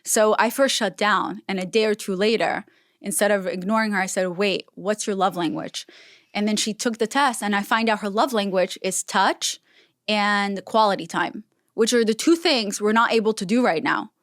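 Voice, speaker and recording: A woman's voice: mid-range voice, normal speed, a bit bright, dry recording, clean studio sound. A young adult woman, a podcast guest, telling personal stories in casual chat and acting out the dialogue. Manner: storytelling, acting out quoted dialogue.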